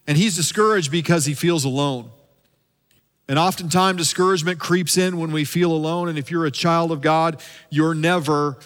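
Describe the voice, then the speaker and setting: A man who is a lead pastor, preaching a sermon and dropping at times into a soft, hushed voice for emphasis. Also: on the high side, big-room sound. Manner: preaching with dramatic drops to a soft hush.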